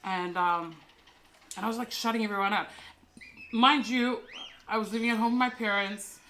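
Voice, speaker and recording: A young woman telling a candid personal story as a podcast co-host, soft and halting with many fillers and restarts. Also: mid-range voice, fairly even intonation, slight background noise.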